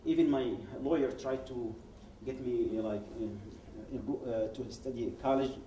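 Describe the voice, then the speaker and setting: This mid-range, mellow male voice moves at normal speed over slight background noise. A guest speaker from Yemen, he narrates his personal testimony at a public event, performing the dialogue he quotes and frequently restarting sentences; the event hall sounds roomy, with him distant from the mic.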